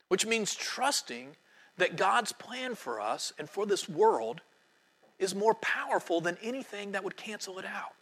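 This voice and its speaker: A male pastor preaching a sermon, animated, sometimes dropping to a soft near-whisper for emphasis. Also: high-pitched, unhurried, husky.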